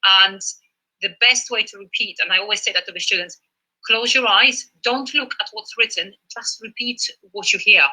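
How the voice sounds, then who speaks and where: A woman teaches a live Spanish lesson over a video call. Her voice is very bright and sits at a middle pitch. She talks in an encouraging, chatty way, with plenty of fillers. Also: normal speed, low-quality recording. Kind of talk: live online language lesson.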